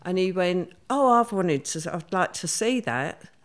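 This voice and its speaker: A woman's voice: fairly low pitch, lively intonation, measured pace. An older woman, telling her story as an interview guest in a plain-spoken way and acting out what people said. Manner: plain-spoken, acts out quoted dialogue.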